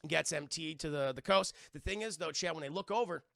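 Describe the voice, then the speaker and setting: Foul-mouthed guy streaming a cartoon recap, high bright gravelly voice, pretty dry sound. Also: fairly quick, no echo. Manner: energetic, profane, animated. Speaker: livestream cartoon reviewer. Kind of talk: casual live-stream recap.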